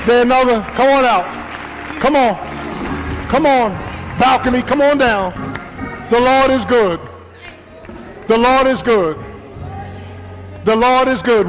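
A man preaching a sermon that swings from quiet storytelling to shouted call and response, then leading an altar call. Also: high voice, unhurried, long pauses, soft background music, poor audio. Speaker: pastor. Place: church sanctuary. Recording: live church with congregation and room noise.

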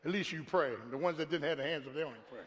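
A middle-aged pastor preaching a sermon, telling stories and calling out to his congregation, sometimes shouting. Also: a little high, rapid-fire. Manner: storytelling preacher, shouting at climaxes, talks to the congregation. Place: church hall before a congregation. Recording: live church recording with long reverb.

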